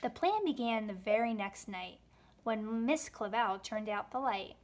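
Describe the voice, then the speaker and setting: A woman reading a rhyming children's book aloud, with expressive storytelling delivery. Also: on the high side, measured pace.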